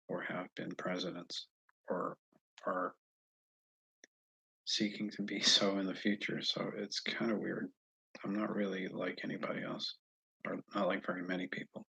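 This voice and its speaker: A man talking casually to viewers about himself, in a halting, rambling way with frequent restarts. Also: low voice, creaky, sharp tone, slightly rough, muffled recording. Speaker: self-styled presidential hopeful. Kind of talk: casual monologue to camera.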